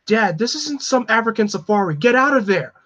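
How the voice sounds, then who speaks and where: A frantic teenage sidekick boy, put on by a man reading a comic aloud, his voice pushed up high and loud. He pleads in a panic. It sounds like a storybook read-along. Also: moderate pace, husky, lo-fi sound. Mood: pleading.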